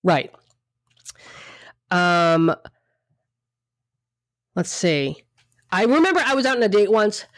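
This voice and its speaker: A woman's voice: mid-range voice, big pitch swings, slow, pauses often, dry recording, clean studio sound. A woman co-hosting a casual chat, talking frankly and emphatically with some swearing and lots of restarts. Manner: emphatic, frank, mildly profane, rambling with restarts.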